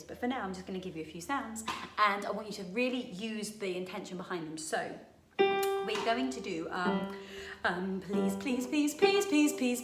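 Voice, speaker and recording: A woman teaching a singing lesson, coaching gently and breaking into sung demonstrations. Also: mid-range voice. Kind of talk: vocal warm-up lesson. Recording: roomy sound with piano.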